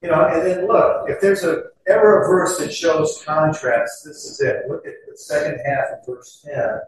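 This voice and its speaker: A middle-aged man preaching a sermon in an earnest, conversational way, with many fillers, slowing to stress scripture words. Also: a little high, steady tone, a little hiss or hum. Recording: echoey hall, distant mic.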